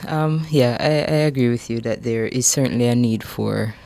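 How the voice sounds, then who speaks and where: A guest on a radio talk show, speaking in a measured, agreeable way. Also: medium pitch, creaky, darkish tone.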